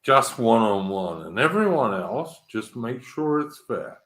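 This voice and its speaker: A man's voice: medium pitch, big pitch swings, unhurried, fairly bright tone, reverberant, low-quality recording. A man hosting a casual chat, blunt and matey, swearing freely. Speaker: host.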